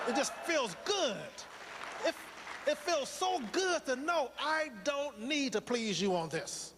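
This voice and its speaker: A man's voice: high-pitched, very animated, measured pace, creaky, fairly bright tone, in a large hall, slight background noise. A man giving a motivational speech to a live audience, preaching with rhetorical questions and repetition. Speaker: motivational speaker.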